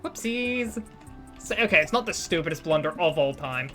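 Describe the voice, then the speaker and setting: Streamer, casual chat, rambling, self-deprecating, mid-pitched, faint music behind. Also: very animated, moderate pace, long pauses, fairly bright tone. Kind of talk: casual live-stream chat while gaming.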